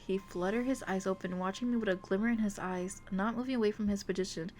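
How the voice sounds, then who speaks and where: A woman's voice: medium pitch, steady tone, fast talker, darkish tone, slight background noise. A young woman streamer reading a romance visual novel aloud, breaking in with giggly, gushing asides. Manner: giggly, gushing asides between dramatic narration. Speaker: VTuber streamer.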